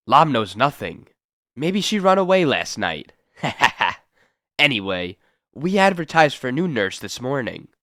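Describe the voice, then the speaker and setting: A man's voice: mid-range voice, sing-song, unhurried, pushed and bright, dry recording. Brief: odd henchman in broken English, voiced by a man, dry close sound. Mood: sly cagey. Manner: broken English, sly and cagey. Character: strange male hospital servant, broken English.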